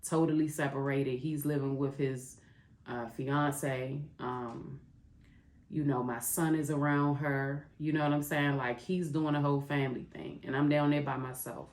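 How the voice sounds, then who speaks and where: A middle-aged woman hosts a podcast in a candid confessional monologue, speaking raw and heartfelt straight to listeners as "y'all." Her bass voice is fairly even and darkish at a measured pace, with roomy echo.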